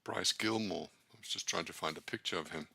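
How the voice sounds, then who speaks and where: A man's voice: sits low, a little fast, creaky, pushed and bright, slightly rough, dry recording. A man trading on his own channel, talking casually through charts in a rambling, blunt way and correcting himself as he goes. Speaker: trader keeping a trading journal. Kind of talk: casual talk while screen-sharing charts.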